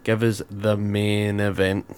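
A man's voice: lowish voice, completely flat delivery, takes it slowly, a little mellow, clean tone. A man with a Scottish accent co-hosting a casual wrestling podcast, giving dry, wry asides. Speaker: podcast co-host. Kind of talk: casual wrestling recap chat.

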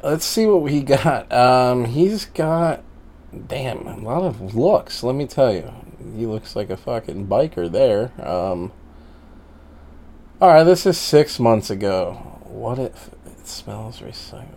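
A man's voice: mid-range voice, a little mellow. A man hosting a show, casually commenting on comedy clips in a hesitant, profane way with many ums. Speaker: host reacting to comedy clips.

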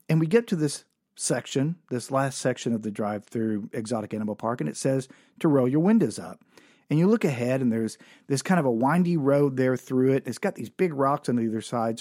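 A man's voice: mid-range voice, darkish tone, no room sound, clean studio sound. A man telling a rambling, exasperated comic story about a family trip.

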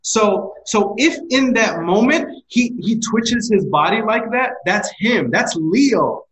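A man's voice: high voice, expressive, takes it slowly, fairly bright tone, roomy sound, a little hiss or hum, poor audio. A man in casual podcast conversation who talks emphatically and eagerly, often repeating his words.

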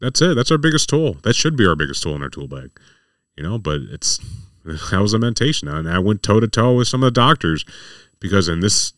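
Speaking briskly at a fairly low pitch, a paramedic shares work stories as a guest in a casual podcast chat. He's animated, acting out other people's lines as he goes. The recording is clean studio sound without room sound, but he's far from the mic.

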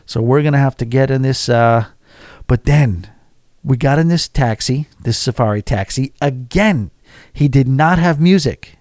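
A man in a vlog, telling a story in a chatty, animated way and acting out what people said. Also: mid-range voice, dry recording, studio quality. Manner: animated, chatty, acts out quotes. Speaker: vlogger. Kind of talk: casual storytelling.

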